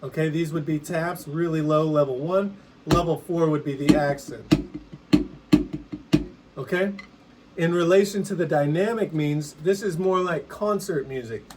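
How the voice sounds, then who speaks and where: A man teaching percussion in a relaxed, conversational way, now and then singing rhythms aloud. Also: on the high side, measured pace, very noisy. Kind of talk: casual instructional explanation.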